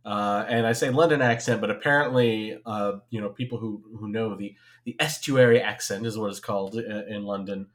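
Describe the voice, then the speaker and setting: A man's voice: lowish voice, fairly even intonation, a little fast, few pauses. A man in his thirties on a podcast, talking in a rambling, hesitant way with many fillers. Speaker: podcast co-host. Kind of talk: casual podcast chat.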